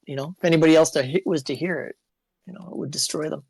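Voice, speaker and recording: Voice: medium pitch, fairly even intonation, very fast, gravelly, a little mellow, slightly rough, no room sound, poor audio. A player in a tabletop game chatting casually, with jokey, playful banter.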